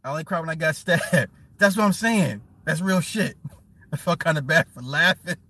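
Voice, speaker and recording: A man's voice: fairly high pitch, animated, normal speed, bright, forceful tone. A man streaming live and reading chat messages, talking casually in blunt, profane banter with frequent laughs, repeating words for emphasis.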